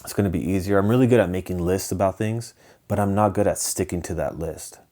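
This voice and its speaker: Hosting his own podcast alone, a Southern Californian man talks fast in a low, dark voice. The chat is casual and rambling, halting with frequent ums and false starts.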